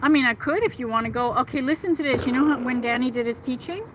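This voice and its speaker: A middle-aged livestream host strolls outdoors in a park, talking into the phone she's holding while she answers and gushes over her viewers' comments. She speaks quickly in a high, slightly bright voice, and the low-quality audio carries some hiss or hum.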